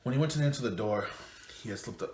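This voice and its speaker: A man's voice: medium pitch, lively intonation, fast, darkish tone. A man retelling a film's plot in a loose, rambling way with casual swearing. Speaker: movie reviewer. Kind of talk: casual movie recap. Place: home room, late at night. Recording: echoey room with faint noise.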